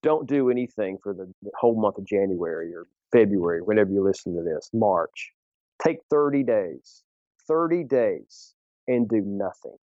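A man's voice: low voice, a little fast, few pauses, mellow, no echo. Author guy on a faith podcast, emphatic, trips over his words, dry muffled sound. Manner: emphatic, challenging, stumbles on restarts. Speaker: guest author.

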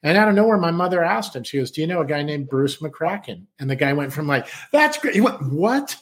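Animated, higher-voiced middle-aged storyteller man. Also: fast talker. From San Diego, California. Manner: animated, acts out other people's lines, swears casually, says "man" often. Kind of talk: casual storytelling chat.

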